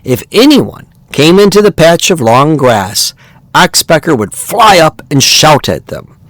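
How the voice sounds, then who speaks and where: Man, storyteller, slow, lively pitch, slightly high voice. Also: no room sound. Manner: slow and expressive. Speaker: podcast host. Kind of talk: storybook narration.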